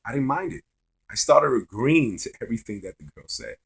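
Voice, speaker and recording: A man's voice: medium pitch, big pitch swings, a little fast, gravelly, breathy edge. A man vlogging dating advice as a loose, profane, rambling story told in casual talk.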